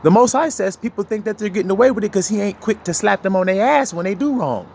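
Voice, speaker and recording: A man giving a preachy, freewheeling sermon, laughing often and swinging between loud and low. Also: lively intonation, fast talker, vocal fry, slight background noise. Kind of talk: street sermon.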